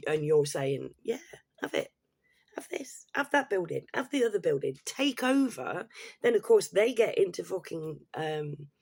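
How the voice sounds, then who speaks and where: A woman's voice: sits low, darkish tone, breathy edge, no room sound, studio quality. A woman from England, talking straight to camera in a blunt, heated rant full of swearing. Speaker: vlogger. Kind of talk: casual ranting monologue.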